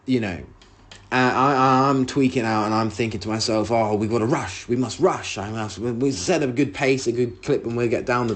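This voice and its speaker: A man hosting a solo podcast, telling a rambling story with lots of swearing and acted-out outbursts of his own. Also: medium pitch. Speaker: podcast host.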